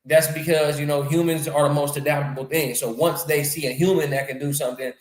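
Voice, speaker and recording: Animated slangy man in an echoey room. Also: fairly high pitch, fast. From North America. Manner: animated, repeats phrases, slangy. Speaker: podcast host. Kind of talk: casual conversation.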